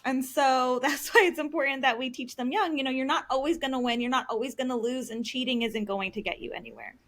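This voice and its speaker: A woman's voice: sits high, quick pace, fairly bright tone. A woman counselor in a casual podcast conversation, explaining parenting strategies with acted-out examples and frequent fillers. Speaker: licensed professional counselor, podcast guest.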